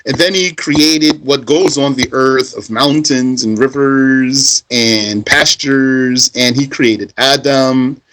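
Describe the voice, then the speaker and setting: A man's voice: mid-range voice, fairly even intonation, slow pace, few pauses, a bit bright, rough recording. A man teaching a religious text, reading Arabic passages aloud and then explaining them in conversational, emphatic English. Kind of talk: reading and translating a text line by line.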